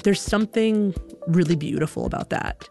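A young adult woman telling a comic personal story in an animated way, acting out the people in it. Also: fairly low pitch, moderate pace, gravelly, faint music behind. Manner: animated, acts out other people's voices.

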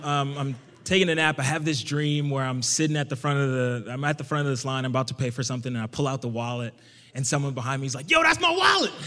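A young man telling a personal story to an audience in a casual, conversational way, getting animated when he quotes himself. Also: mid-range voice, a little hiss or hum. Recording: long hall reverb.

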